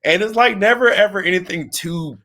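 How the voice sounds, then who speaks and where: A high-voiced man talks briskly as a guest in a casual interview. He's a wrestling trainer and an animated storyteller whose rambling tales are full of restarts and acted-out quotes.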